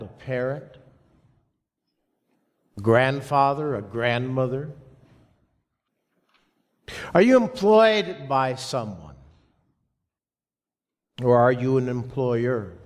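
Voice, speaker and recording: A pastor preaching a sermon to his congregation, slow and emphatic with dramatic pauses. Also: medium pitch, a little mellow. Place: church sanctuary. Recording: long reverb of a church hall.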